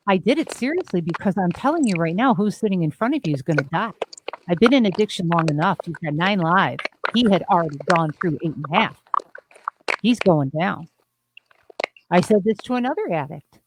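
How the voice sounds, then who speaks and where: A woman's voice: medium pitch, background noise. A woman therapist hosting a podcast, telling blunt, emphatic stories in candid talk. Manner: blunt, emphatic storytelling with swearing.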